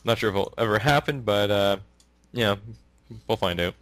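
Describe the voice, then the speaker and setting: A man's voice: lowish voice, moderate pace, fairly bright tone, no room sound. A man from Canada hosting a casual podcast, rambling with many fillers and frequent laughs. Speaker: podcast host.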